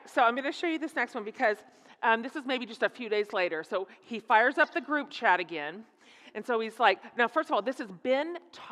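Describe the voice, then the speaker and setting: A middle-aged woman speaking as a guest speaker in a church, telling a humorous story in an animated, laughing, self-mocking way. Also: high voice. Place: church sanctuary. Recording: echoey hall.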